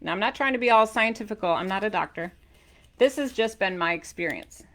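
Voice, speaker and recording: A middle-aged woman who writes about diet and coaches keto speaks briskly to camera in a bright, forward mid-range voice. It's an energetic, playful, animated talk, and she gets loud and emphatic whenever she hammers a point.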